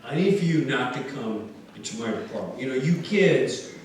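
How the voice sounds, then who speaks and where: Grumpy middle-aged clerk done by a male comic, low scolding tone, echoey far mic. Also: expressive, normal speed, close to an everyday voice. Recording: echoey venue, distant mic, noisy.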